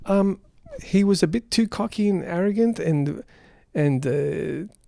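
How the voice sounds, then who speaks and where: A man's voice: sits high, lively intonation, measured pace, creaky, warm tone, dry recording. A man giving an unrehearsed film review, rambling and exasperated.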